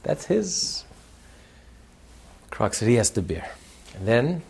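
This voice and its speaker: Husky-voiced man teaching a religious text. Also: mid-range voice, slow. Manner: repeats words, laughs often, lively storyteller.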